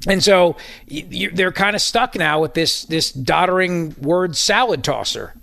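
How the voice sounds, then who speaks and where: A man's voice: high voice, unhurried, creaky, a crowd in the background. A man hosting a talk radio show, joking sarcastically and sounding incredulous in casual studio banter. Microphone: studio microphone.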